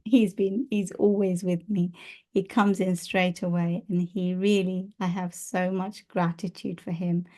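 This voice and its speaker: A woman's voice: lowish voice, mellow. A woman telling personal stories in a casual, chatty way, with many fillers, restarts and laughs. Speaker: spiritual teacher and video host.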